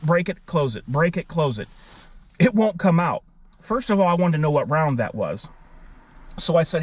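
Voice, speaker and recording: A man tells a funny story in a casual, animated manner from inside his car. His voice sits a bit higher than an average man's, and he keeps circling back with "I said.". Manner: animated, repeats "I said". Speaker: vlogger.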